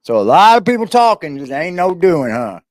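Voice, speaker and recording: A man's voice: high voice, sing-song, normal speed, no echo, studio quality. A man hosting a casual interview and reaction stream, laid-back, talking to his viewers and often restarting his sentences. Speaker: show host.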